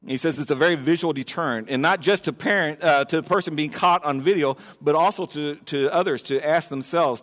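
A man preaches in a loose, animated style, often restarting his phrases. His voice sits fairly high for a man, and his words trail off into the long reverb of a large hall. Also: normal speed. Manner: conversational and animated, many restarts. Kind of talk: sermon.

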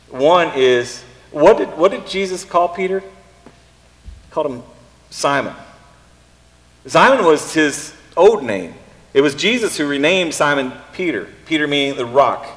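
A pastor preaching a casual sermon, often pausing and repeating words as he thinks aloud. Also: a little high. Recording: long reverb in a hall.

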